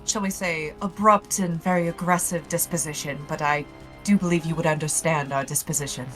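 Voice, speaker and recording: A woman's voice: sits low, fairly even intonation, a little fast, over music, close to an everyday voice, poor audio. A woman voicing a courteous female tiefling paladin with wry phrasing.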